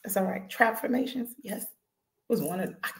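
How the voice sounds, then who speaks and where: Woman, podcast host, casual livestream chat, excitable, slangy, laughs easily. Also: mid-range voice, brisk.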